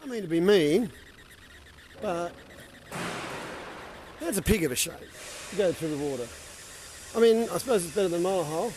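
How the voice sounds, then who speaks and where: A man's voice: sits high, expressive, normal speed, pauses often, background noise. An older man, joking and swearing as he shows a boatyard in a casual vlog. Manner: crude, joking, swears freely. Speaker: boat builder and vlogger. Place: outdoors at a shipyard.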